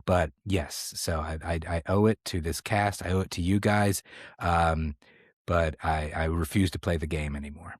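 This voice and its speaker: A man's voice: low-pitched, steady tone, moderate pace, no echo, clean studio sound. A man co-hosting a comedy podcast, rambling in a playful, mock-serious way. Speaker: podcast co-host. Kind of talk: casual comedic podcast chat.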